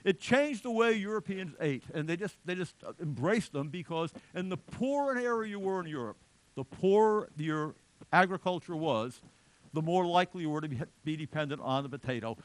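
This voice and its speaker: A man's voice: fairly high pitch, lively intonation, fairly quick. A middle-aged man giving a lecture in a conversational, humorous storytelling way, full of asides. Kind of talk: lecture with anecdotes.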